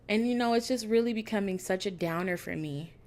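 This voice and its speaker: A woman's voice: medium pitch, a little fast, darkish tone. A young woman vlogger in casual, candid chat, a little out of breath, laughing now and then. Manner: chatty and candid, laughing often. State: a bit out of breath. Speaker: crochet vlogger.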